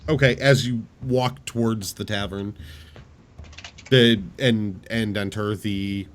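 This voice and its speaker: A man's voice: lowish voice, steady tone, slow. A man running a tabletop game as game master, narrating and chatting casually.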